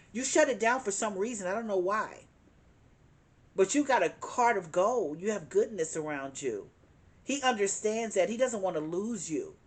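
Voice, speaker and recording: A woman giving a tarot card reading, speaking emphatically, repeating her points and chuckling now and then. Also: mid-range voice. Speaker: tarot reader.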